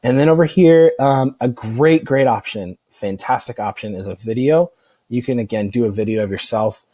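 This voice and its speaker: A man walking through a software tutorial in a relaxed, rambling way, with plenty of fillers and restarts. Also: medium pitch, normal speed, no room sound. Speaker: online marketing instructor. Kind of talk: casual screen-recorded software tutorial.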